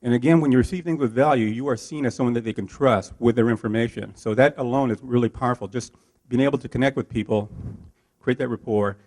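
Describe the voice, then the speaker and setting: A man's voice: mid-range voice, fast. A man teaching a live networking workshop and asking his audience questions as he coaches them. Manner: lively, coaching, asks the room questions. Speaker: workshop trainer.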